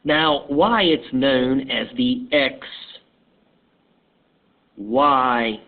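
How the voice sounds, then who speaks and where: A man teaching history as a casual story, talking in a halting, conversational way, recorded on a tinny phone-like line. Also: mid-range voice.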